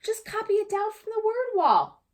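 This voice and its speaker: A woman's voice: very high-pitched, big pitch swings, moderate pace, darkish tone, voice pushed up. A woman voicing a casual, matter-of-fact boy classmate in a storybook reading. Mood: breezy.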